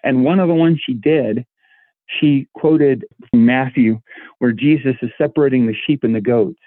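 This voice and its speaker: A man's voice: medium pitch, moderate pace, dry recording. Middle-aged guy, earnest interview guest, tinny dry phone-line sound. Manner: earnest, restarts words often. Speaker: volunteer guest. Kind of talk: casual interview.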